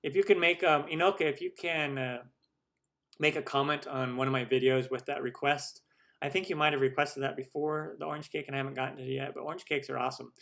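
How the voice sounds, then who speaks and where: A middle-aged man hosts a casual live stream from his computer. His voice sits at an ordinary middle pitch, and he rambles through answers with plenty of restarts and little laughs. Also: fairly even intonation, fast talker, vocal fry, a bit bright. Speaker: host of a cooking channel live stream.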